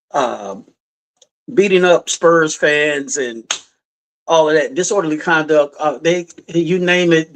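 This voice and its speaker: The host of a live sports podcast, a middle-aged man with a slightly high voice, chats casually about sports. He rambles, stresses his points hard and repeats them. The recording is low quality.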